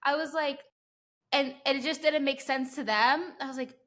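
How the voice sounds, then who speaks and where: Bright, high-voiced young host from New Jersey. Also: female voice. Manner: animated storyteller, many "like"s, quick laughing asides. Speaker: podcast host. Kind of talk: casual interview chat.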